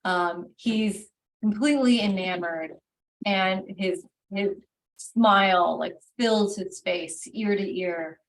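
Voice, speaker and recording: A woman's voice: mid-range voice, takes it slowly, a little hiss or hum. A woman game master casually narrating a tabletop game, full of fillers, recorded roomy and from a distance.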